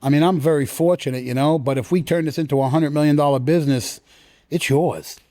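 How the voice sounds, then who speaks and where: A middle-aged man with a fairly high voice chats as an interview guest and tells stories with animated energy. He acts out quotes in sudden loud bursts. The sound is close and dry, with no room around it. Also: a little fast, dry recording. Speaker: guest, actor. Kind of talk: casual interview chat.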